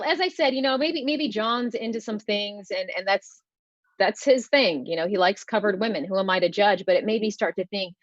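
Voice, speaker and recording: A woman performing a stand-up comedy set, with a dry, deadpan delivery over a video call. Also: mid-range voice, no room sound. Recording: dull, slightly lo-fi sound.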